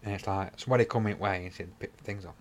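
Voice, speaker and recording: A man's voice: low voice, fast talker. A man co-hosting a casual podcast, telling a long rambling anecdote and bantering with his co-host. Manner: rambling storyteller, animated when joking. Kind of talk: casual chat.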